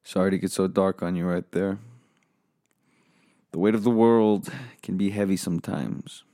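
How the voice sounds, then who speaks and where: A man's voice: deep voice, steady tone, normal speed, warm tone, no echo, studio quality. A man giving a profane comedic rant, weary and bitter, flaring into angry outbursts.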